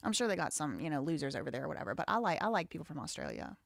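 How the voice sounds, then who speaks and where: Southern lady reading super chats on her stream, loud and blunt, lower voice, real dry. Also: big pitch swings, very fast, creaky, no echo. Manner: blunt, outspoken, rising loud and high when heated. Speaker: livestream host.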